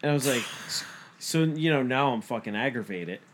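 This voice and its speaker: A man's voice: medium pitch, moderate pace. A man in his thirties, a podcast co-host, telling a story in casual chat, swearing often and acting out both sides of the dialogue. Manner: profane, animated retelling with quoted dialogue.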